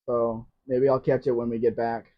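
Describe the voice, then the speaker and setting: A man's voice: mid-range voice, level tone, moderate pace. A man hosting a casual live question-and-answer stream, blunt and teasing, with opinionated asides. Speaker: livestream host. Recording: dull lo-fi stream audio.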